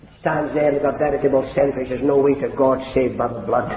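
A man's voice: medium pitch, steady tone, normal speed, long pauses, slight background noise. An older man preaching a gospel sermon, telling a story and then pleading passionately with his listeners. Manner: storytelling, swelling to impassioned pleading. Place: large hall at an evangelistic meeting. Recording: echoey hall, muffled lo-fi tape.

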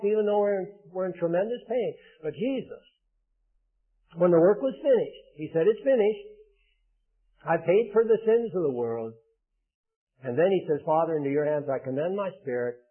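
An older man preaching a sermon in an earnest, emphatic way, building to loud declarations. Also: sits high. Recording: tinny phone-like band.

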